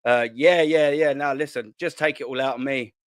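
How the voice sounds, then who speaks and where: Young man, live-stream host, slangy and swearing, mid pitch, dry close sound. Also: moderate pace, no room sound. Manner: excitable, slangy, swears and repeats himself. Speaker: football channel host. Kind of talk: casual live-stream chat. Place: at home, sitting at a kitchen island.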